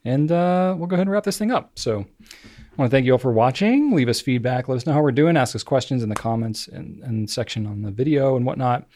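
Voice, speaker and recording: A man's voice: medium pitch, animated, quick pace, darkish tone. An American man co-hosting a casual podcast, chatty, laughing easily and trailing off with ums. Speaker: podcast co-host. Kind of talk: casual chat.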